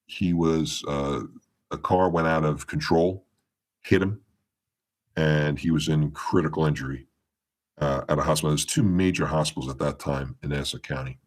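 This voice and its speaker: A man with a strikingly low, deep voice tells a long story as a podcast guest. He rambles and restarts his sentences, and his voice jumps up and down as he acts out what people said. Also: steady tone, normal speed. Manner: meandering retelling with many restarts, acting out quoted dialogue. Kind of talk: storytelling in a casual interview.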